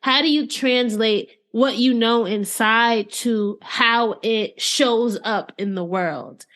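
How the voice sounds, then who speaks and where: Bright-pitched woman hosting an interview. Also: takes it slowly. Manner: warm-hearted probing questions with "like" and "right?". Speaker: podcast host. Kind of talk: conversational interview.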